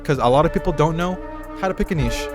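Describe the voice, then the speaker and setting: A young man runs a loose beat-making tutorial in a slightly high voice, rambling and swearing in hype slang. Loud dark trap beats play behind him the whole time. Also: expressive, fast talker, music in the background. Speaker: music producer tutorial host. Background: trap beats playing.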